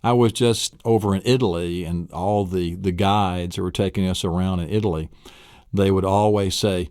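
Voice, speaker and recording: A man's voice: low voice, steady tone, normal speed, a little mellow, no room sound, clean studio sound. A middle-aged man teaching an audio memory lesson, enthusiastic and laughing often. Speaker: memory course instructor.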